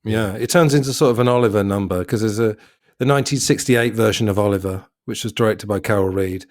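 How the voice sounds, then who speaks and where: A man's voice: on the low side, quick pace, darkish tone, no echo, studio quality. A man from southern England co-hosting a podcast, chatting casually about a film in a thoughtful way and laughing often. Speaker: podcast co-host.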